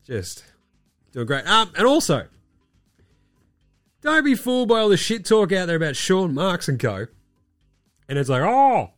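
A man's voice: a little high, fairly bright tone, dry recording. Sick male podcast host, sweary sarcastic ranter, dry close mic with faint music under. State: sick, coughing. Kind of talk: casual sports chat.

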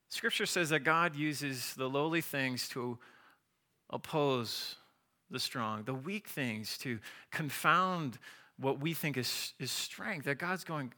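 A man preaching a sermon as a pastor, animated and acting out the voices of biblical figures. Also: mid-range voice, slow pace.

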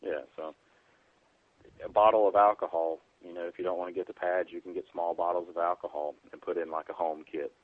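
A man's voice: deep voice, fairly even intonation, a little fast, dry recording. A man working as an EMT, a guest in a casual interview, explaining things plainly in an easygoing way with plenty of fillers. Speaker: EMT guest on a preparedness podcast. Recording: tinny phone line.

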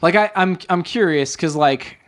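Guy rambling through a casual movie chat, slightly higher voice, says like a lot. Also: moderate pace. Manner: rambling, heavy use of filler "like". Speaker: podcast co-host.

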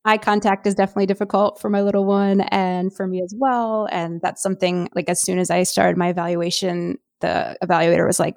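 A woman's voice: medium pitch, level tone, fast, gravelly, hardly any pauses, darkish tone, no room sound, studio quality. A woman guest talking candidly in a casual conversation about parenting, with many fillers and laughs.

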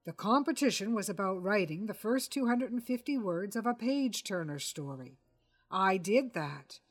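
A man's voice: high voice, lively intonation, normal speed, faint music behind. A woman voicing a fussy, self-important male crime writer who talks in a pompous, exasperated way.

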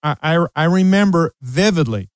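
A man in his late sixties, a radio host and coach, speaks at normal speed with a slightly high voice and lively intonation. He advises parents emphatically, repeating key phrases and telling a personal anecdote. The recording is dry and low quality.

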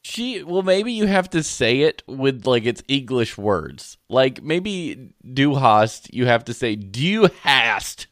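Guy joking around on a podcast, lively pitch, dry close sound. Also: a little slow, few pauses, no echo. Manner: joking, laughs often. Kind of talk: casual chat.

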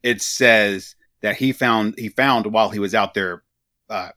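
A man co-hosting a podcast, summarizing game material in a halting, casual way with many filler words. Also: lowish voice, pushed and bright, no room sound, clean studio sound. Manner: halting, with frequent "uh" and "um". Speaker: podcast co-host.

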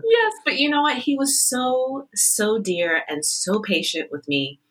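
A woman's voice: on the high side, a little slow, low-quality recording. A woman opera singer as interview guest, telling stories animatedly and acting out the voices of others. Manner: animated storyteller, acts out quoted voices. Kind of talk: conversational interview storytelling.

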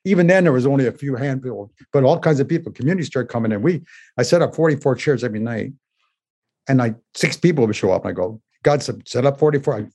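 Older man, husky, mellow dark tone, animated storyteller, says "eh?". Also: medium pitch, fast talker. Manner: animated retelling, acting out voices in quotes; says "eh?" at ends of phrases. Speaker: guest telling his story. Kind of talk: emotional personal storytelling.

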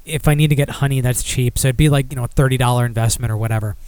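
A man's voice: medium pitch, rapid-fire, a little mellow, clear, resonant tone, no echo. A man hosting a podcast alone, rambling casually and swearing often while reading product copy aloud. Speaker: podcast host. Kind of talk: casual solo podcast talk.

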